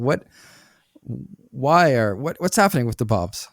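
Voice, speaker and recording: Animated man teasing on a podcast. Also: medium pitch, unhurried, no echo, clean studio sound. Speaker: podcast co-host asking questions. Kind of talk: casual chat.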